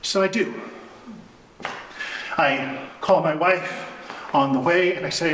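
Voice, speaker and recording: A man performing a one-man storytelling show live on stage, acting out the people he quotes and swinging between loud and soft. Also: on the high side, slow pace, pauses often. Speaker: solo storyteller. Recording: echoey hall, slight room noise.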